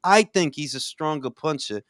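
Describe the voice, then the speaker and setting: Lively slangy man hosting boxing talk. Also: on the high side, moderate pace, no room sound, studio quality. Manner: joking, slangy, says "bro" often. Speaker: host. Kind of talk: casual live-stream boxing talk.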